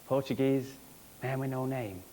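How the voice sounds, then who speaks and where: A comedian voicing his forgetful male flatmate in a slow, hesitant deadpan. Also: mid-range voice, background noise, voice pushed down, natural voice.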